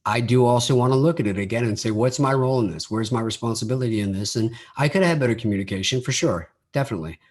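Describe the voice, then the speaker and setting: On his solo podcast, a man talks casually and rapidly with few pauses, his mid-range voice carrying a darkish tone. Sentence openings often come with repeated words, and he plays out quoted dialogue in his own voice.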